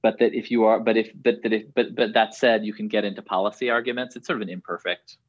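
A man's voice: fairly low pitch, steady tone, fast, no room sound. Man, journalist guest, thoughtful, hedging, muffled lo-fi sound. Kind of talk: casual interview chat.

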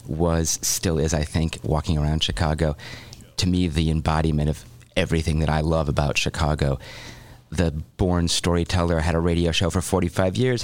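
A man's voice: deep voice, darkish tone, no echo. A man who is a guest scholar chatting casually on a radio show, laughing easily. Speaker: guest, oral history scholar.

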